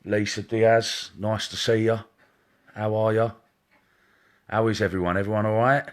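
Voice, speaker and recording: This psychic medium live streamer, a man wearing headphones, speaks at normal speed with a fairly low pitch and little variation in tone. He chats casually, warmly calling out each viewer by name.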